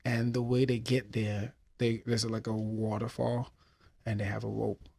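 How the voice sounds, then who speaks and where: A man's voice: on the low side, little pitch movement, measured pace, gravelly, dark tone. Heartfelt hesitant man telling a sad story. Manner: heartfelt and hesitant, reflective about grief. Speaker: podcast host. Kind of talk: personal storytelling podcast.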